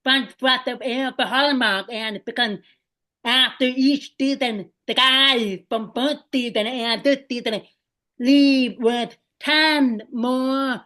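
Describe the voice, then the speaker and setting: A woman's voice: sits high, slow, fairly bright tone. A woman hosting a podcast, asking her guest questions in an enthusiastic, chatty way. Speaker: podcast host. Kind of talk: casual interview chat.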